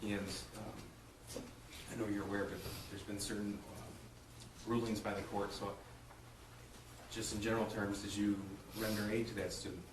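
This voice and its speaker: A somewhat low-voiced man questions a witness in a courtroom, measured and careful. He sounds a bit distant from the mic in a roomy space, with clear background noise. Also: level tone. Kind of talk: courtroom examination.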